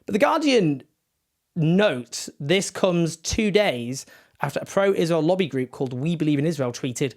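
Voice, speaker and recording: A man's voice: on the high side, sing-song, a little slow. A man giving impassioned, indignant political commentary with sarcastic asides.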